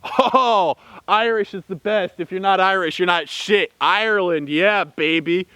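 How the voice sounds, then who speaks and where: A loud, drunken male reveler whoops and chants boastfully in a raised, high voice, as a man mocks him. The sound is dry and close. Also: measured pace, smooth, no echo. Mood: rowdy boastful.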